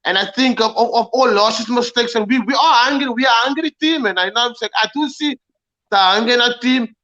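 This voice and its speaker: A man talking football casually on a panel as a Liverpool supporter, halting and repeating words with many fillers. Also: extremely high pitch, pushed and bright. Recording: dull lo-fi audio.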